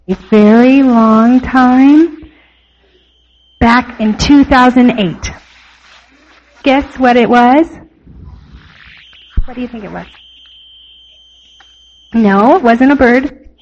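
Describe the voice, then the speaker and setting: A woman telling a children's sermon story, asking the children questions as she goes. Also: fairly high pitch. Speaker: children's church teacher. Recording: dull lo-fi recording.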